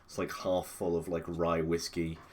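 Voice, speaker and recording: A man's voice: deep voice, monotone, moderate pace, noisy background. Hesitant man describing his character. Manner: hesitant, many fillers. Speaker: player. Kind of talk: casual tabletop play.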